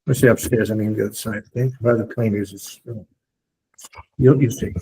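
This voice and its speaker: A man speaking casually to a support group on a video call, animated and often checking in with his listeners. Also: on the low side, brisk, slight background noise, rough recording. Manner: animated, repeatedly checks in with "okay?". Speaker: near-death experiencer sharing his story.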